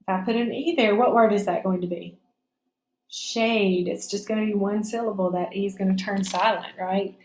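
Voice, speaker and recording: A woman's voice: mid-range voice, fairly even intonation, moderate pace, darkish tone, echoey room. A woman teaching a phonics spelling lesson, explaining each step patiently.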